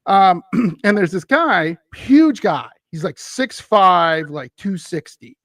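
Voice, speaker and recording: A man from Wisconsin tells a ghost story casually, rambling with plenty of "uh"s and little chuckles. His voice is fairly high for a man and gravelly. The sound is dry and close. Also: big pitch swings, slow, a bit bright, no echo. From Wisconsin, USA. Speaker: guest, paranormal podcast host.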